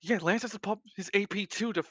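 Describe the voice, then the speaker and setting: Bright-voiced young man playing a tabletop game. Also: high-pitched, no echo. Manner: casual, swears, quick narration of his own character. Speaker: player. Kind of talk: tabletop game play, casual.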